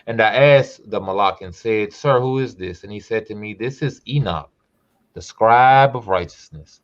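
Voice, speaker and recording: Male podcast host, lowish voice, slow emphatic scripture reading with casual asides; dull lo-fi recording. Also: fairly bright tone.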